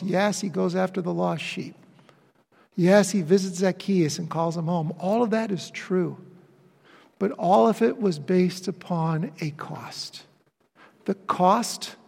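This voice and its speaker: Slow and deliberate, a high-voiced pastor with a husky, fry-edged tone delivers an emphatic sermon in a church sanctuary. He uses dramatic pauses and shifts from ringing declarations to near-whispers, his words trailing into the hall's long reverb.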